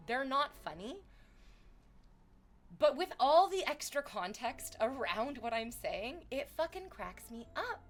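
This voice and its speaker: A young woman chatting casually on a live stream, excitable and swearing freely. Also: high-pitched, a little slow, faint music behind. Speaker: livestreamer.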